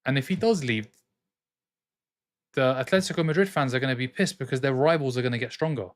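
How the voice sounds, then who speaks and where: A man hosting a live football watchalong, reacting to the match and arguing with his chat in an excitable way. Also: medium pitch, brisk. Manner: excitable, jumps between commentary and arguing with chat.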